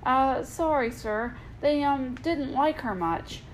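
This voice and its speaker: A woman's voice: sits high, slow pace, slight background noise, pitched above the performer's own voice, rough recording. A woman voicing a nervous, honest young schoolboy in a read-aloud storybook, murmuring and flustered.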